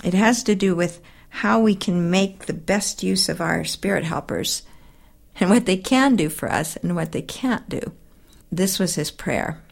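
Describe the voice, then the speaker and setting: A woman earnestly reading a long prayer aloud and then talking about it in a soft, heartfelt way. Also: lowish voice, lively intonation, a little slow, gravelly. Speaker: speaker sharing prayers. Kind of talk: devotional reading and talk.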